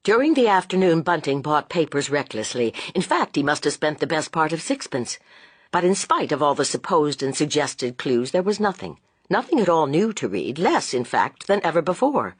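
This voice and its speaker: An audiobook narrator giving a dramatic, expressive reading of a classic suspense novel. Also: mid-range voice, moderate pace, breathy edge, dry recording.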